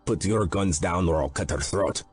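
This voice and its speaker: A threatening Russian mob underboss taunts with a Russian accent, as a man narrating an audiobook puts him on. The voice sits very deep and husky, nudged a little higher than the narrator's own. Faint music plays behind. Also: normal speed. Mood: taunting.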